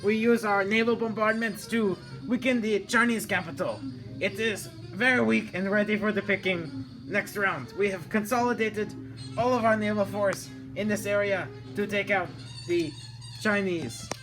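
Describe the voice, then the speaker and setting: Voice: mid-range voice, moderate pace, lightly acted, poor audio. A player putting on a proud commander, reporting in stiff, formal sentences. Music runs in the background.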